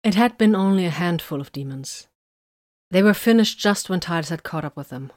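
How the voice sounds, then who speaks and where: A woman narrates a fantasy action story in a steady, measured way. Her voice sits somewhat low. The recording is dry and close, with no room sound. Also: no room sound. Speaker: audiobook narrator. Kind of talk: scripted narration.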